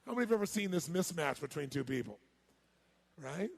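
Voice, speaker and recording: A man giving a live seminar talk as a motivational speaker, energetic and quizzing his audience. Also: a little high, fast talker. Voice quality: raspy, gravelly.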